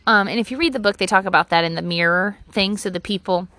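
A woman's voice: mid-range voice, quick pace, pushed and bright, dry recording. A woman talking straight to camera outdoors at her home, giving casual advice in a candid, rambling way and swearing freely. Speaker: vlogger.

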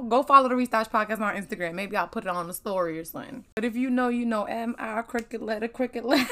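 A woman's voice: fairly high pitch, bright, forceful tone. A woman hosting her own podcast in casual chat, laughing often and a bit sniffly from allergies. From United States. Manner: chatty, laughing, Southern slang. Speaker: podcast host.

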